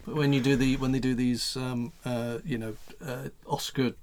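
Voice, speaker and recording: A man's voice: medium pitch, little pitch movement, moderate pace, darkish tone. A man co-hosting a podcast in a casual chat, teasing dryly with hesitant fillers. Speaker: podcast co-host.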